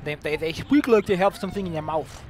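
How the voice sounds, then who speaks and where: Male streamer, self-mocking jokester, sudden loud outbursts, slightly high voice. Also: fast talker. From Netherlands. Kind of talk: casual gameplay commentary. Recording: game music playing behind.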